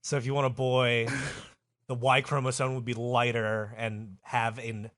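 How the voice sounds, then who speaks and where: A man's voice: mid-range voice, flat delivery, measured pace, a bit bright, dry recording, clean studio sound. A man co-hosting a comedy podcast, riffing crudely and explaining things in a lecturing way, breaking into laughs. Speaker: podcast co-host.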